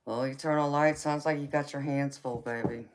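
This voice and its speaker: A woman's voice: sits low, fairly even intonation, normal speed, slight background noise. A middle-aged woman with a Southern US accent, hosting a casual live chat and calling viewers "baby" affectionately. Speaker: tarot reader and livestream host.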